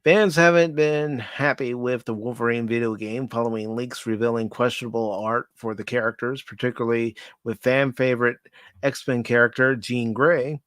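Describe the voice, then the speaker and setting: A man's voice: mid-range voice, fairly even intonation, normal speed, a bit bright, no echo. A man hosting a pop culture talk show, reading news items aloud and adding wry asides. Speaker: host.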